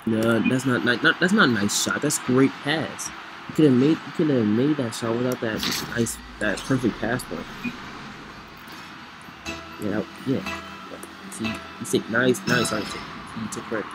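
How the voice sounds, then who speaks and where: A man giving excitable let's play commentary, reacting loudly to the plays. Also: medium pitch, unhurried, over music. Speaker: gamer. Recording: noisy with game sounds behind.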